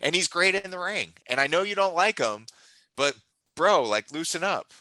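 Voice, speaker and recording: Bright-voiced enthusiastic man. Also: on the high side, animated, moderate pace, no echo, low-quality recording. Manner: enthusiastic, teasing, talks in restarts. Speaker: podcast co-host. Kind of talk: casual wrestling chat.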